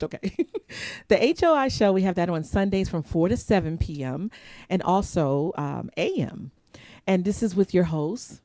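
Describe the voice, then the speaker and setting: A woman's voice: mid-range voice, warm tone, no echo. A woman hosting a live show, chatty and rambling, laughing often and losing her place in her notes. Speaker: host.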